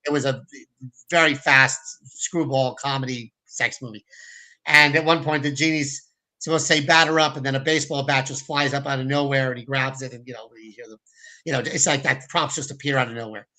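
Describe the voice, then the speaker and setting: A man's voice: medium pitch, a little fast, low-quality recording. A man, a film director as a guest, telling stories in a casual interview, acting out quotes and often restarting his sentences. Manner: animated, acts out quotes in put-on voices, many restarts.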